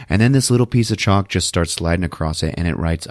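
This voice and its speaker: A man hosting a podcast who recaps a movie in an animated, profane, casual way on a close mic. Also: low-pitched, quick pace, few pauses, no room sound. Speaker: podcast host.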